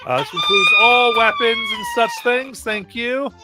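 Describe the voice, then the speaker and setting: A man's voice: very high voice, huge pitch swings, unhurried, loud music behind the voice, voice pushed up, full character voice. A man voicing a coat-check employee who formally announces the entry rules.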